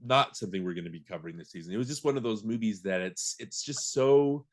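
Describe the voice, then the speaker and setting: A man's voice: on the low side, fast talker. Chatty male podcast host. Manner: animated, laughs often, acts out movie lines. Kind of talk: casual podcast chat.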